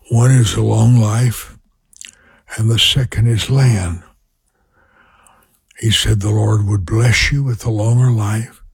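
A man's voice: fairly low pitch, vocal fry, a little mellow, slightly rough, dry recording. A man in his eighties from Louisiana with a Southern accent, an evangelist preaching and telling folksy personal stories. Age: 80s. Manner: slow, folksy storytelling with prayer.

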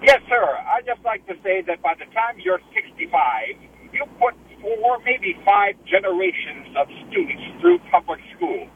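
A man's voice: sits high, big pitch swings, measured pace, far from the mic, a little hiss or hum. Male caller on a tinny car phone.

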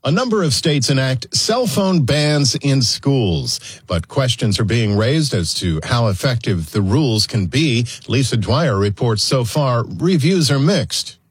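A man's voice: mid-range voice, measured pace, hardly any pauses, husky, no room sound. A man anchoring a radio news program, reading headlines and introducing reports. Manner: lively anchor delivery. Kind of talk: radio newscast.

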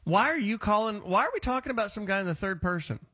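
A man hosting a radio show, with a husky, slightly rough voice that swings up and down a lot as he teases and haggles with a caller. His voice is sitting on a dry, close studio mic, and his pitch is a bit on the high side for a guy. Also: lively intonation, sharp tone, dry recording. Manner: teasing, joking, quick to haggle. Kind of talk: casual on-air banter with callers. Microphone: studio microphone.

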